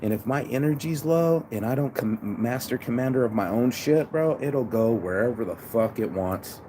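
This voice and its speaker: A man's voice: medium pitch, expressive, normal speed. A man giving a casual, profane motivational rant outdoors by a busy road, preachy and calling the listener bro. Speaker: motivational vlogger. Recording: loud traffic noise behind.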